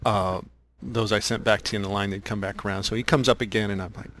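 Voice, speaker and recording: A man's voice: fairly low pitch, steady tone, quick pace, a bit bright, a little hiss or hum. A man hosting a casual conversation, telling a workshop story with frequent laughs and reflective asides. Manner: laughs often, reflective, acts out quotes. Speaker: podcast host.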